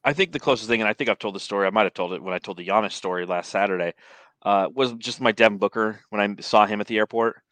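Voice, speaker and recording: A man's voice: lowish voice, fast, fairly bright tone, no room sound. A man hosting a casual sports podcast, telling rambling stories and laughing often. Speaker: podcast host. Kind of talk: casual chat.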